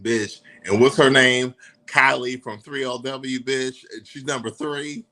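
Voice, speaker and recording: A man co-hosting a casual chat, sassy and profane in quick banter. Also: mid-range voice, steady tone, sharp tone. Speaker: co-host.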